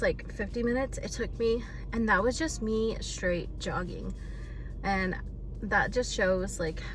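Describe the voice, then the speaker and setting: A young woman catching her breath after a run, talking quietly and reflectively. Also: medium pitch, a little hiss or hum.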